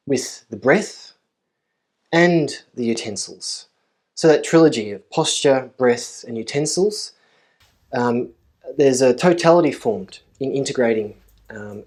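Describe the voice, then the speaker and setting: Man, conference lecturer, measured delivery, frequent ums and uhs, repeats key phrases. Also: medium pitch, a little mellow. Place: university conference room.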